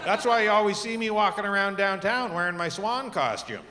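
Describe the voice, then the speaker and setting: Exasperated stand-up comic, echoing theatre. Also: male voice, fairly quick, a little hiss or hum. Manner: animated, exasperated storytelling with sudden high-pitched outbursts. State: sore throat. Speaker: stand-up comedian. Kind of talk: stand-up comedy set. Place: theatre stage before a live audience. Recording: live theatre recording with long hall reverb and audible audience.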